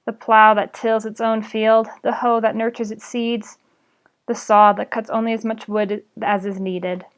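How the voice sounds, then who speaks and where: A gruff but kindly male ditch digger, read by a woman in her everyday voice. He speaks plainly and steadily, in a measured way. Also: a little high, flat delivery, lightly acted. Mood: musing. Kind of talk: reading a novel aloud.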